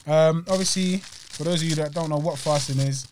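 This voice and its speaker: A man's voice: a little high, steady tone, normal speed, darkish tone, a little hiss or hum. Chatty man eating on mic. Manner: rambling, slangy, chatty with food breaks. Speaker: podcast co-host. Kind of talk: casual chat while eating.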